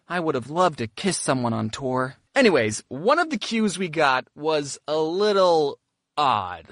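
A young man narrating a scripted comedic storytime with deadpan jokey asides. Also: on the high side, unhurried, no room sound, clean studio sound. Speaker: storytelling YouTuber.

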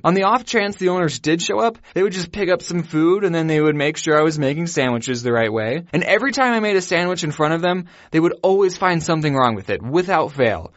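A young man from Arizona telling comedic stories about his old job, animated and putting on squeaky voices. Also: dry recording, dull audio. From Arizona, USA. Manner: animated, acts out voices in a high squeaky pitch. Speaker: animation vlogger. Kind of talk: comedic storytelling.

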